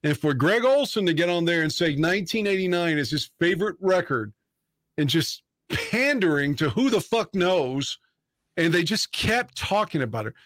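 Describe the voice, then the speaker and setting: A man's voice: high-pitched, animated, moderate pace, a bit bright, no room sound. A man hosting a podcast who rants in an indignant, profane way. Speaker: podcast host. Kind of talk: casual podcast chat.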